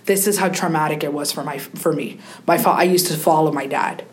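Youngish woman, lowish voice, spilling a personal story on a podcast, emotional and animated. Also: a little fast, slight background noise. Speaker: podcast guest.

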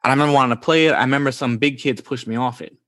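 A man's voice: mid-range voice, fairly even intonation, rapid-fire, fairly bright tone, no echo. A man in his forties from the Bronx tells childhood stories in an easy, slangy chat. His voice sits mid-range and sounds close and dry, with no room around it. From New York, the Bronx. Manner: laid-back, slangy, says "bro" often. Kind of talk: casual storytelling chat.

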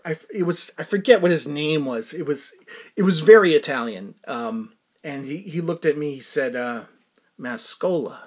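A man hosting a casual music reaction, excitable and laughing often as he tells stories. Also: a little high.

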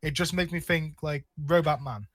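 A man's voice: fairly high pitch, normal speed, no room sound. A young man co-hosting a casual film review podcast, blunt and opinionated, riffing playfully. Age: young adult. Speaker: podcast co-host.

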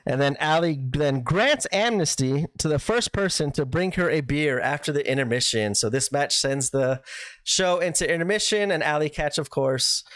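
A man's voice: on the high side, a bit bright, smooth, no room sound, rough recording. A man co-hosting a casual podcast, animatedly retelling matches and acting out quoted lines. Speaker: podcast co-host.

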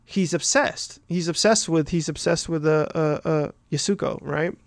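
A man's voice: fairly high pitch, moderate pace, gravelly, no echo. A man hosting a podcast, casually recapping a film plot in a rambling, profane way, full of fillers and "right?" tags. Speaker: podcast host.

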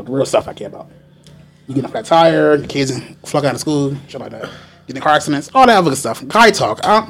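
A man's voice: mid-range voice, a little hiss or hum. Rambling man from DC. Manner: rambling, frequent fillers, casual swearing. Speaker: podcast co-host. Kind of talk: casual chat.

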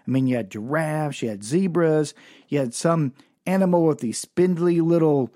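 A man's voice: fairly high pitch, normal speed, warm tone, no room sound, studio quality. A man telling a rambling, exasperated comic story about a family trip.

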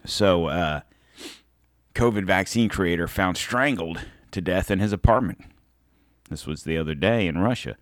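A man's voice: sits low, measured pace, no echo, studio quality. A man hosting his own show, delivering a rambling, heated and sarcastic political commentary monologue. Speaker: show host.

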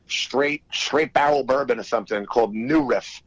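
A man, a comedian, chatting casually and rambling through animated stories with loud outbursts. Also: medium pitch, moderate pace, no room sound, low-quality recording. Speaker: comedian guest. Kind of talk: casual podcast chat.

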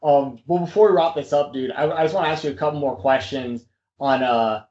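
An American man hosts a podcast interview in a laid-back, chatty way, often calling his guest "dude" and "man." His voice is high-leaning, brisk, and darkish, and the audio is roomy, dull, and lo-fi.

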